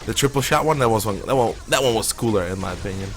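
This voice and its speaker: A man's voice: on the low side, expressive, quick pace. A man streaming a shooter game live, rambling and opinionated as he plays. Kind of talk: casual live gameplay commentary.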